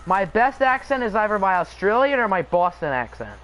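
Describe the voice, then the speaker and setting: A young man with a high-pitched, fairly bright voice hosts a live stream, calling a simulated football game in a very animated, slightly fast way. He jokes casually and answers his live chat, though the recording is rough.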